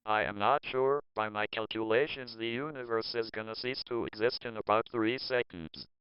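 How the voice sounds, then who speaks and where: Guy doing a deep flat science doctor, sounds muffled and far off, super clear tho. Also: normal speed, no room sound, lightly acted. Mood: deadpan. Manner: flat, matter-of-fact doom. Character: calm know-it-all male scientist doctor.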